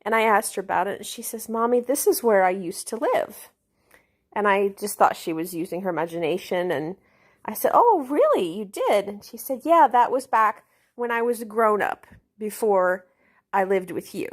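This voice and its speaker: Woman, measured mother-storyteller, mid pitch. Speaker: homeschooling mother. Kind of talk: calm storytelling.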